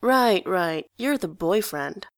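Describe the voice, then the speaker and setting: A woman's voice: on the low side, animated, slow, no echo, clean studio sound. A woman voicing a blunt, nosy twelve-year-old boy who fires off brash, teasing questions in a storybook reading. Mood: cheeky.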